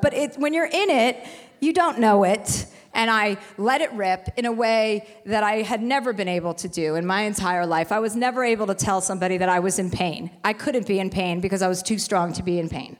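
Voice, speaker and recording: A woman's voice: mid-range voice, in a large hall. A woman in her forties hosting a live podcast, telling a personal story in a frank, profane, rambling way. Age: 40s. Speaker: podcast host. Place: live stage in a venue.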